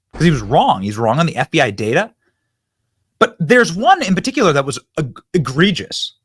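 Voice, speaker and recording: A man's voice: a little high, fairly bright tone, no echo, studio quality. A man hosting a reaction commentary channel, talking back at news clips in an indignant, mocking way.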